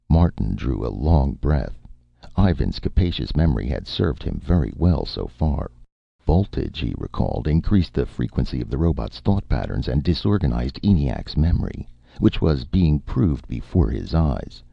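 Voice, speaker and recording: A man reads a story aloud with steady, measured narration. His voice is very deep, gravelly and husky, and it moves lively through its range. The dry recording sounds dull and muffled. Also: dry recording. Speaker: audiobook narrator. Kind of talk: scripted narration.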